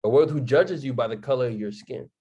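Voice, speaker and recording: A man's voice: mid-range voice, fast, dark tone, breathy edge, dull audio. Young guy hyping up his live chat w motivational talk, medium voice, keeps asking right?. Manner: emphatic, rhetorical questions, repeats lines, frequent "right?". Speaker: live stream motivational speaker.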